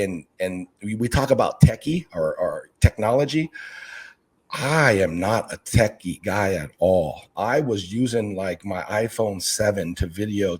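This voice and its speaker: A middle-aged man, a fish-keeping video maker and basketball coach, chatting as a guest in an interview, energetic and talkative, acting out what people say to him. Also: sits low, husky. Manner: energetic, talkative, acts out quoted exchanges. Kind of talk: casual interview chat.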